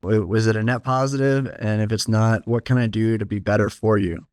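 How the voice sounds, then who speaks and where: A man's voice: fairly low pitch, steady tone, a little fast, darkish tone, no echo, studio quality. A man hosting a casual interview, speaking plainly and earnestly to other men. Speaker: host of a men's health clinic show.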